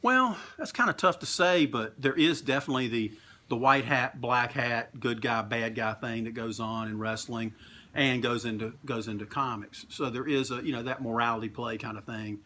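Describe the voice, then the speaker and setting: A middle-aged man, a comic book store owner, telling stories in a casual interview, animated and swearing freely. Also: medium pitch, moderate pace.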